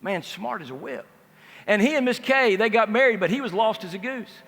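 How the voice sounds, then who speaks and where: A man speaking at a conference, a lively storyteller who acts out the dialogue in his stories. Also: high voice, a little fast, vocal fry. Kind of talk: motivational storytelling talk. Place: large indoor conference hall. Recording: long reverb of a large conference hall.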